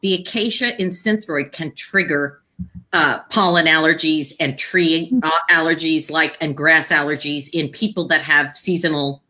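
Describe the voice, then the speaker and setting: A woman guest on a live video Q&A, explaining health topics in a casual, informative way while she keeps clearing her throat and coughing. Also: deep voice, moderate pace, sharp tone. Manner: explanatory, informative, with many fillers. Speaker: guest thyroid patient advocate.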